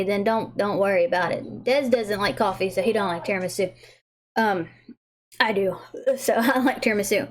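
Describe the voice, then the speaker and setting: A woman hosting a casual livestream, bubbly and giggly, who stumbles over words as she reads aloud. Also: on the high side. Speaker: livestream host tasting snacks.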